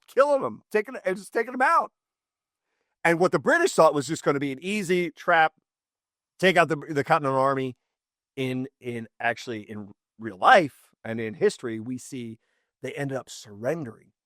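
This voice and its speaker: Male history host, casual storyteller, a touch high, dry close sound. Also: no echo. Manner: lively storyteller, repeats words for emphasis.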